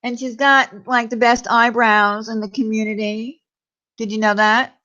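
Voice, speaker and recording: A woman's voice: fairly high pitch, little pitch movement, a little slow, pushed and bright. A woman hosting a casual live stream, chatting with viewers and reading their comments aloud. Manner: chatty, reassuring, talks to chat by name. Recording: slightly dull lo-fi stream audio.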